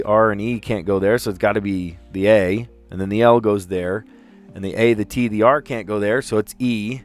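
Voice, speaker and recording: A middle-aged man with a lowish voice chats casually on a live stream and works through a word puzzle out loud. He is excitable and pokes fun at himself. Faint music plays quietly underneath. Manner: thinks aloud, excitable, self-mocking.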